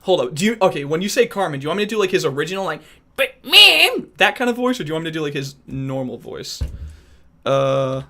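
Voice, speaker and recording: A young man streaming, chatting casually with viewers, animated and rambling with frequent restarts. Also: a little high, fast. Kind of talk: casual chat reacting to viewers.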